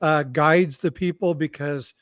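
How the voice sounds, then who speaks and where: A man's voice: a little high, measured pace, fairly bright tone, dry recording. A man hosting a casual live stream, laughing often and reading comments from the chat.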